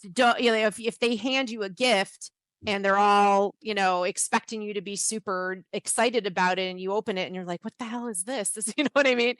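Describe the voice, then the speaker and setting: A woman's voice: medium pitch, fairly even intonation, brisk, fairly bright tone, smooth, no echo. A woman cohosts a podcast in loose, chatty talk, circling back and restarting her sentences as she works out her point. Her voice sits in a middle range and is recorded close on a dry mic with no room around it. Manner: rambling, many restarts and "you know"s. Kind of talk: casual advice chat.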